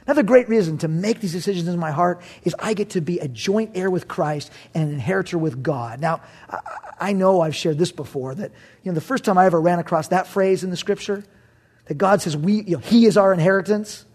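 A man's voice: sits high, lively intonation, a little fast, a little mellow, slightly rough. A middle-aged male pastor from Southern California, preaching a sermon in a humorous, conversational way and acting out quotes.

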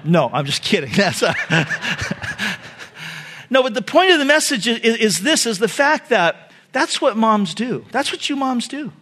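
High-voiced man preaching a sermon. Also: fairly bright tone. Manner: conversational, many fillers, laughs at own stories. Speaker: pastor. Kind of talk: sermon with personal storytelling.

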